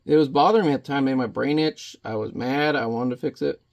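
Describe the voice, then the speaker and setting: A man's voice: medium pitch, quick pace. A man chatting casually while he paints in watercolor, rambling and muttering to himself as he works.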